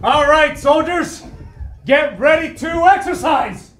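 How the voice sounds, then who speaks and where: A man playing a loud, bossy military drill leader in an improv scene, barking orders. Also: very high voice, takes it slowly, slight background noise, full character voice. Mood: commanding. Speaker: improv performer. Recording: echoey room, distant.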